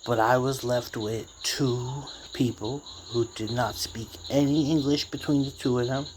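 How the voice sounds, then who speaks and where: A man tells a story in a loose, rambling way, swearing freely and using street slang. His voice sits at an ordinary middle pitch. A faint hiss runs under the recording. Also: steady tone, unhurried. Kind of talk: casual storytelling.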